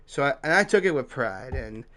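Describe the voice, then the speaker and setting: A young man recounts a teenage mishap in an unpolished, conversational storytime. His voice is smooth and resonant, sitting at an ordinary pitch. He leans on fillers and swears freely as he goes. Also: sing-song, brisk, sharp tone. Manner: loose and profane, heavy "like" fillers. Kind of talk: casual storytime.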